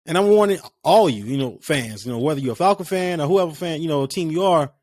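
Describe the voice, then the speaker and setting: A man's voice: on the high side, animated, fast talker, a little mellow, dry recording. A man hosting a casual solo sports podcast, rambling with lots of fillers and restarts. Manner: rambling, conversational, many fillers.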